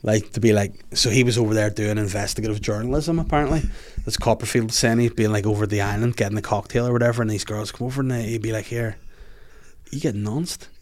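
A man's voice: on the low side, fairly even intonation, quick pace. A young man hosting a podcast, rambling in a joking, casual chat with lots of restarts and asides. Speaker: podcast host.

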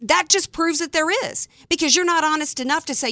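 A woman hosting a talk radio show delivers an emphatic, indignant opinion monologue, tossing in sarcastic asides and quickly restarting sentences when she gets fired up. Her high voice is pushed and bright, and the recording is dry.

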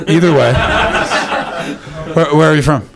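A man's voice: fairly high pitch, unhurried, a crowd in the background. A man hosting a live comedy show, telling rambling stories to an audience, swearing freely and breaking into screamed impressions. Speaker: comedian and podcast host.

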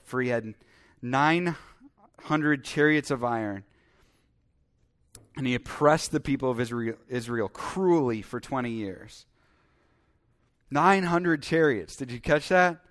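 A man's voice: medium pitch, measured pace, long pauses. A man preaching a sermon, reading Bible verses and commenting as he goes, acting out voices now and then. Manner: animated, acts out voices when telling the story.

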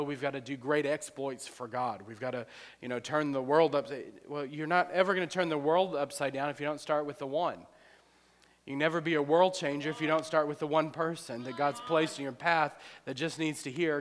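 A male pastor gives an enthusiastic preaching response in a church. He often repeats words as he goes, and his voice sits a little high. His speech carries a long, lingering reverb. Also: fairly bright tone. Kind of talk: preaching commentary.

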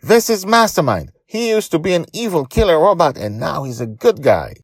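A small, shy pirate girl from a storybook, speaking up high and loud over a gravelly undertone, as a man puts her on. She sounds timid at first, then proud, and the recording is close and dry. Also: very animated, brisk, no echo. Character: shy eight-year-old pirate girl.

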